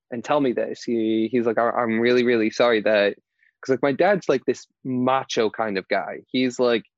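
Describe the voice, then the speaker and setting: Young man, podcast guest, casual storytelling with lots of "like", medium pitch, dry and muffled sound. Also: no echo. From Indiana, USA. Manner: chatty, heavy use of "like", laughs often while telling.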